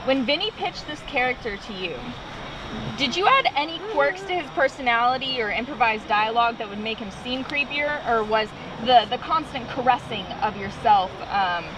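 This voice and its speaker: A woman's voice: a little high, lively intonation, moderate pace. A woman interviewer who reads out her questions and laughs along with her guests. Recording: outdoor interview with clear street noise.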